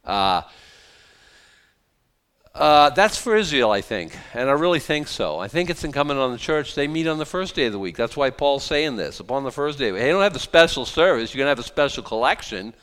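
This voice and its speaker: Man, pastor, conversational sermon, joking asides, smooth resonant voice. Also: medium pitch, very animated, brisk, a bit bright. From South Boston. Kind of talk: verse-by-verse sermon.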